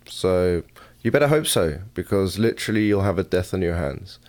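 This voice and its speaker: Low voiced dude on a sports podcast, dry wry jokes. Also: male voice, lively intonation, normal speed, darkish tone. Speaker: podcast co-host. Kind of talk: casual sports chat.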